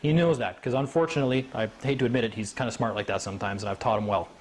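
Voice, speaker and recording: Animated man telling a story to an audience. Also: medium pitch, rapid-fire. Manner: animated, acts out quoted voices.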